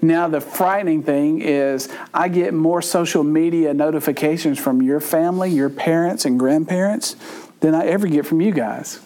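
A middle-aged man with a drawl preaches to young people in a lively, joking way. He acts out little voices for the people in his stories and laughs along with them. His speaking voice sits fairly high for a man. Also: moderate pace. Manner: animated storyteller, acts out voices, laughs often. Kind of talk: comedic sermon to a youth group.

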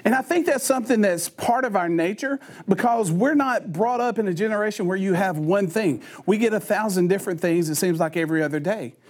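Brief: male preacher, sermon with homespun stories, high-pitched voice. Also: a little fast, few pauses, a little mellow. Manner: folksy storytelling, conversational.

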